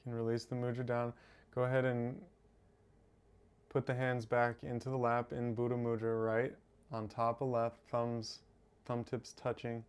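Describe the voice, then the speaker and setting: A man guiding a live breathwork meditation, calmly giving instructions and softly counting the breaths. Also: medium pitch, clear, resonant tone. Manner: slow, calm, counting softly. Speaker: meditation teacher. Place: home streaming setup.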